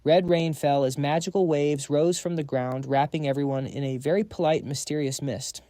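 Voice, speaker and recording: A man's voice: fairly high pitch, steady tone, moderate pace, dark tone, no room sound, clean studio sound. A man narrating a fantasy comic recap in a dramatic, scripted storytelling style.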